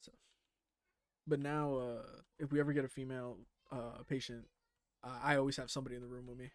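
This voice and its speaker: A man's voice: medium pitch, little pitch movement, fairly quick, no echo. A man streaming a game and chatting casually, rambling with lots of fillers and casual swearing. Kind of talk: casual chat while playing a game.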